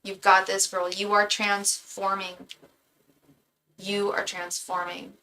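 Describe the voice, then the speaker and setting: A woman's voice: medium pitch, level tone, slow, sharp tone, poor audio. A woman tarot reader giving a live reading to her chat in a casual, chatty way, often stumbling and repeating words as she talks.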